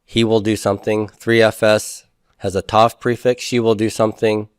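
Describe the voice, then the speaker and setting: A man's voice: on the low side, little pitch movement, normal speed, clean tone, no echo, studio quality. A man teaching a recorded grammar lecture, explaining step by step and putting questions to the class, with folksy asides.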